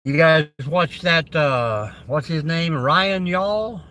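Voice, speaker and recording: A man's voice: fairly high pitch, takes it slowly, bright, forceful tone, slight background noise. A man hosting a casual livestream about camping, rambling along and greeting viewers by name. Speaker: camping channel host.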